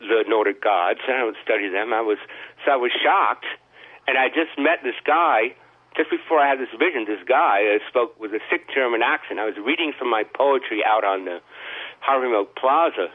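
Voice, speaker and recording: A man telling a long rambling story in a casual chat, halting with many restarts and fillers. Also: medium pitch. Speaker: podcast host. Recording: tinny phone line.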